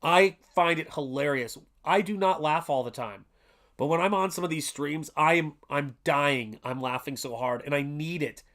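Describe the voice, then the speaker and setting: A forties-aged artist hosts a relaxed livestream in a slightly high, somewhat bright voice at normal speed. His talk is earnest and meandering, full of fillers and false starts.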